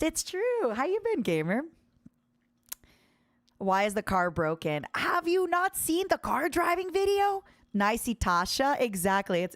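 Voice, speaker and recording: Woman streamer, mid-pitched, bouncy chat, dry close mic. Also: dry recording. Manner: chatty, bouncy, jumps in pitch when reading chat. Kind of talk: casual livestream chat. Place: indoor room.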